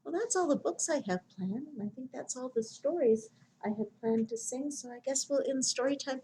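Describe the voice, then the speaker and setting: A woman librarian reading picture books and singing to babies in a gentle sing-song way. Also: high-pitched, moderate pace, slightly rough, low-quality recording. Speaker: children's librarian. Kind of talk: baby storytime reading and singing.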